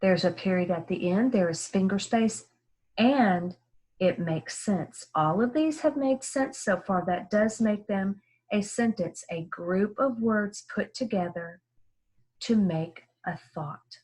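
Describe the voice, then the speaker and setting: Slow, careful woman teaching young readers. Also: mid-range voice, a little mellow. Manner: slow, careful, sounding words out clearly. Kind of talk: early-grade reading lesson.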